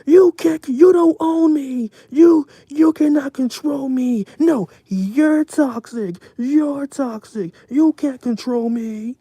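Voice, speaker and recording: A man putting on the voice of an ungrateful young friend, whining defensively in a shrill, mocking tone. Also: slow pace, hardly any pauses, warm tone, no echo, heavily acted. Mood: indignant.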